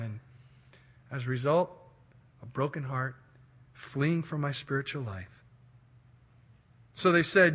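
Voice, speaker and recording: A male pastor preaching a sermon in an animated way, swinging between loud and quiet. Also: on the high side, a little slow, long pauses.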